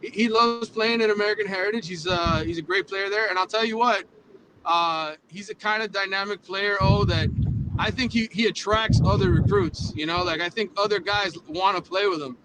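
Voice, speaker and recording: A sports reporter on a phone call from a moving car, easygoing and laughing, often stammering on a word. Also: male voice, high-pitched, normal speed. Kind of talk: casual chat. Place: in a car with passengers. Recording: faint road noise.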